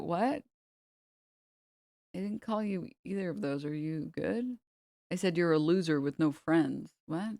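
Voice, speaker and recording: A woman's voice: unhurried, gravelly, pauses often, dark tone, no echo. Female streamer, sarcastic and profane, dry close sound. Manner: sarcastic, mocking, breaks into high laughter. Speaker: live streamer. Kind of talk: casual stream rant.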